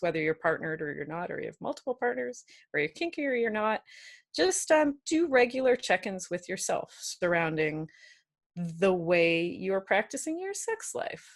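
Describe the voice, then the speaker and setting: A woman's voice: fairly low pitch, big pitch swings, moderate pace, gravelly. A woman guest who educates on kink, answering thoughtfully in a casual interview with hedging fillers.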